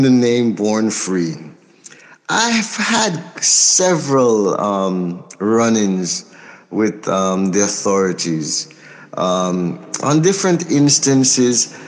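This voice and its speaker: Outspoken American man, measured and pausing. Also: on the low side, lively intonation. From United States. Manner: measured, pausing often with soft fillers; outspoken and forthright. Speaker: record producer and label owner. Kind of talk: interview answers.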